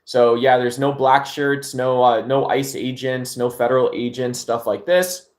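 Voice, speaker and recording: A man's voice: medium pitch, steady tone, measured pace. A man from Arizona hosting a casual livestream chat, laid-back and rambling, with many fillers and restarts, talking into his phone at home. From Arizona, United States. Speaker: livestream host.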